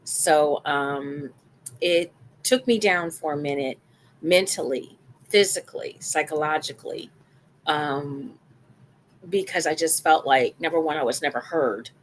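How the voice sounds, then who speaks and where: A woman's voice: low-pitched, unhurried, a little hiss or hum. A middle-aged woman hosting a live-stream talk show, chatting casually and repeating phrases for emphasis.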